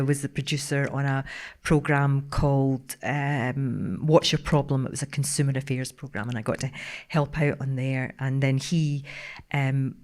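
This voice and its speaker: A middle-aged woman, a broadcaster on a panel, telling stories in a casual, animated way with frequent laughs and restarts. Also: extremely low pitch. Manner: animated storyteller, laughing often, many restarts.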